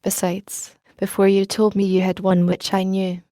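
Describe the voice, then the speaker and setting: Woman reader as elderly male bishop; gentle, grave, polished, mellow and dry. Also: medium pitch, monotone, normal speed, no room sound, close to an everyday voice. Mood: kind.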